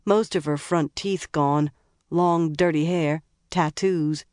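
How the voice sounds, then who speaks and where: A narrator doing a young, earnest rookie cop. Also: male voice, on the high side, fairly even intonation, slow pace, darkish tone, smooth, dry recording, clean studio sound. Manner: earnest, curious. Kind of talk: audiobook character voice.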